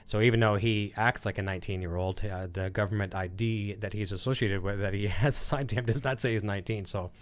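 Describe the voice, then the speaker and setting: A man's voice: on the low side, fairly even intonation, fast, hardly any pauses, smooth. A man hosting a casual livestream, rambling with lots of fillers as he reads chat comments and tells a story. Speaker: livestream host.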